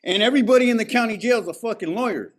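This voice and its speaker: Brief: man, fairly high voice, blunt, streetwise, swears freely, recovery-meeting share. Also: racing, crowd noise. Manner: candid, profane, streetwise storytelling. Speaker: speaker at a recovery alumni meeting. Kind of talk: personal recovery testimony.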